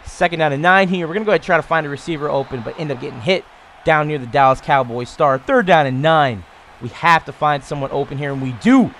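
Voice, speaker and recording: A man in his twenties casually commentating on his own football video game, getting louder and higher on big plays. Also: fast talker, slight background noise. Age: 20s. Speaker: gaming YouTuber.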